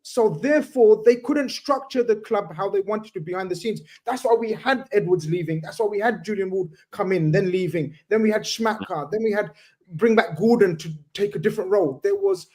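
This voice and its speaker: Emphatic, high-voiced host arguing football. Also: male voice, normal speed, a little mellow. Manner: emphatic, repeats himself, swears. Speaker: show host. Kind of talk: heated casual football debate.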